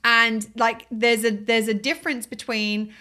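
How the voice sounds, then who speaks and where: A woman with a bright, fairly high voice talks through her ideas on a podcast. She is reflective and wordy and circles back on her own sentences. Her tone stays easygoing and conversational. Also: level tone, unhurried. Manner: reflective, explains at length with restarts. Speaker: podcast co-host. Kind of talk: casual conversational chat.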